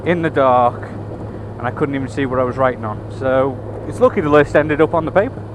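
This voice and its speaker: A man's voice: medium pitch, brisk. A man riding a motorbike in town, chatting casually into a helmet camera mic, swearing freely and making wry asides. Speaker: motorcycle vlogger. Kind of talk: casual chat while riding. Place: on a motorbike in city traffic. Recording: road and engine noise.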